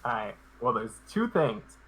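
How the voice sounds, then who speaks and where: A man's voice: mid-range voice, big pitch swings, measured pace, fairly bright tone, husky, poor audio. A man being interviewed as a guest on a live stream, talking in a laid-back, hesitant way and often restarting his sentences.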